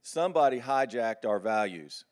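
A middle-aged man preaching a sermon with animated, folksy storytelling. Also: mid-range voice, moderate pace.

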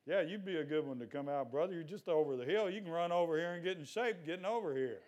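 An older man preaching a sermon in a folksy, exhorting way, at times breaking into loud shouts. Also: a little high.

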